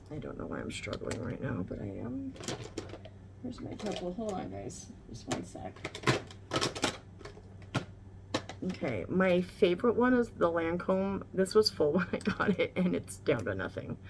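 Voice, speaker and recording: A woman's voice: fairly low pitch, very animated, normal speed, vocal fry, very noisy. A woman vlogger chatting casually through a makeup tutorial, candid and rambling, swearing now and then.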